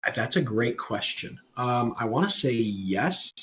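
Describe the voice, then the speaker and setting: A man's voice: big pitch swings, measured pace, bright, forceful tone, slight background noise. Casual rambling sports-podcast guy. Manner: rambling, gets heated and high when ranting. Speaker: podcast co-host.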